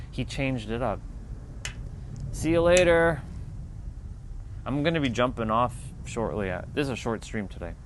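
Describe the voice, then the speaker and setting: A man hosting a casual livestream, relaxed and easygoing as he answers chat comments one by one. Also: medium pitch, noisy background. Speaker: livestream host.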